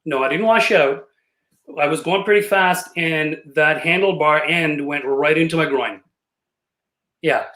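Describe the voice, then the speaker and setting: Fairly high-pitched, bright, and forceful, the roughly fifty-year-old man speaks at a measured pace as a podcast guest on a video call. He trades jokey stories and plenty of laughs in casual conversation, captured in echoey, roomy call audio.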